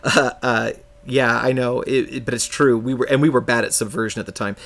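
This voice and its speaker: A man from California chats on a live stream in an ordinary mid-pitched voice. He wanders through long, self-mocking stories and often laughs partway through them. His delivery is loose, friendly and unscripted. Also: fairly even intonation, brisk, vocal fry, a bit bright. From California, United States. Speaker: game streamer. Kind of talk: casual storytelling chat on a live stream.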